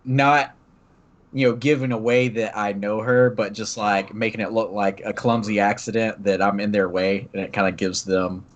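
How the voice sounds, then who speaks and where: A man's voice: lowish voice, level tone, moderate pace, lo-fi sound. A man playing a tabletop game, talking in a laid-back way and laughing easily. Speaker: player. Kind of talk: casual tabletop play.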